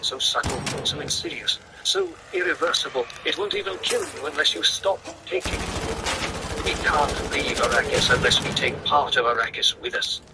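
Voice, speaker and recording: A man's voice: high voice, sing-song, normal speed, creaky, heavy background noise, pitched above the performer's own voice, exaggerated voice. A man voicing a tormented young man who is intense and bitter. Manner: intense, rising to near hysteria.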